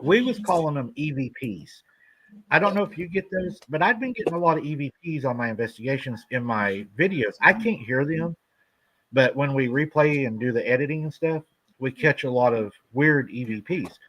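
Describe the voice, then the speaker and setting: A man's voice: mid-range voice, animated, brisk, fairly bright tone, rough recording. Laid-back man hosting a live show. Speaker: host. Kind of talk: casual chat.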